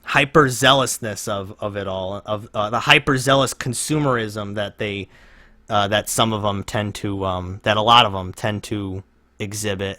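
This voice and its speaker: Bright-voiced man ranting in reaction. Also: fairly low pitch. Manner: profane, rambling, mocking; laughs and restarts a lot. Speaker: reaction commentator. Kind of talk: reaction commentary.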